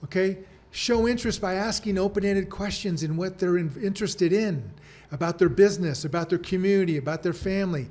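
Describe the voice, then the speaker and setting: A man's voice: high voice, brisk, a little mellow. A man on a podcast, a guest coach, speaking earnestly and repeating his key points as he acts out sample client talk. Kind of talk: podcast conversation.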